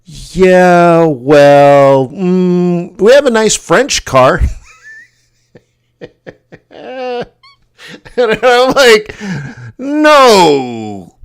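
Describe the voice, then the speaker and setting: A man hosting a casual livestream, telling a story in an animated way, often acting out quoted voices and laughing. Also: high-pitched, drawn-out words, long pauses, clean tone. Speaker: forex livestream host.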